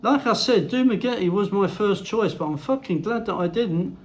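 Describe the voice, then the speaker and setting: High-voiced man ranting bluntly on vlog. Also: normal speed, darkish tone. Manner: blunt, profane, frequent swearing. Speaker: vlogger. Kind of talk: casual ranting to camera. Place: house in a Philippine city.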